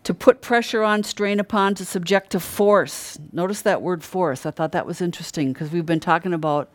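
Middle-aged preacher, conversational sermon, earnest, repeats key words for emphasis, mid-pitched, dry close recording. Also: moderate pace, no room sound. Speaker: Christian preacher.

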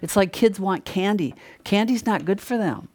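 A woman's voice: mid-range voice, moderate pace, darkish tone. Older woman preaching in a chatty way. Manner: chatty, rhetorical questions, frequent laughs. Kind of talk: conversational sermon.

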